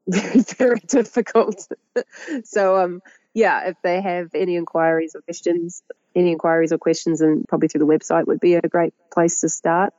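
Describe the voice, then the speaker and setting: A middle-aged woman with a New Zealand accent, a guest who talks about her work in a lively, chatty way and laughs often. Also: lowish voice, moderate pace, no echo, dull audio. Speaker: guest, agroecologist and author. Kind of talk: conversational interview.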